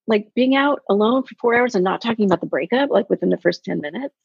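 Woman with a raspy gravelly voice, chatty coach vibe, kinda dull lo-fi sound. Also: mid-range voice, fast, no room sound. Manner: animated storyteller, acts out quotes. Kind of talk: casual podcast chat.

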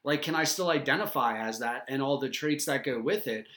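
A man's voice: mid-range voice, fairly quick, bright, forceful tone. A man who is a dad, co-hosting a casual podcast chat, rambling with lots of fillers and swearing freely. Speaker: podcast co-host.

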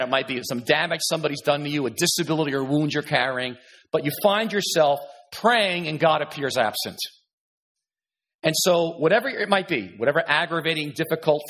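A man's voice: a little high, a bit bright. A male pastor preaching a sermon, earnest and emphatic, reading scripture and repeating words to stress his points.

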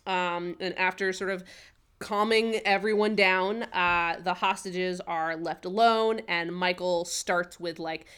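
A woman's voice: on the low side, steady tone, takes it slowly, fairly bright tone, clean tone. A woman co-hosting a podcast, casually recapping a TV episode in a rambling way with lots of fillers. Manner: rambling, filler-heavy recap with frequent laughs. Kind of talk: casual chat.

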